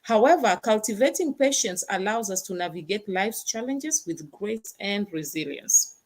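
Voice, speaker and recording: A woman's voice: mid-range voice, animated, moderate pace, darkish tone. A woman hosting a motivational talk, stressing points by repeating words. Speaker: host.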